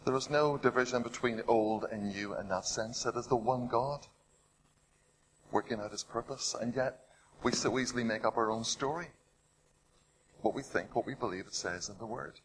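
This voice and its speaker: A man delivering a sermon in a mid-range voice. He retells scripture with dramatic swings, poses rhetorical questions and drops to a hush for weight. Faint noise sits under the recording. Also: medium pitch, normal speed, low-quality recording. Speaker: preacher.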